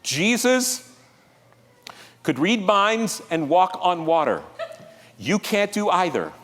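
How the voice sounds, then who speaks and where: Male pastor, high and lively voice, conversational sermon with call-and-response, reverberant sanctuary. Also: slow, a little hiss or hum. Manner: animated, conversational preaching with audience call-and-response. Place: church sanctuary.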